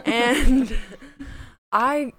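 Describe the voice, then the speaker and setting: A woman in her twenties telling a personal story in casual chat. She rambles, puts "like" into nearly every phrase, swears freely and gets louder and more animated as she goes. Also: high voice, drawn-out words, a crowd in the background.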